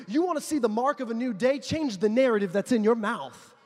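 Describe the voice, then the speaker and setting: A male pastor with a very high voice preaches with passion, stacking up repeated declarations and driving them home. His words ring out with a long reverb from a large church hall. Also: expressive, a little fast. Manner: impassioned, builds to loud declarations with repeated phrases. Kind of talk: sermon.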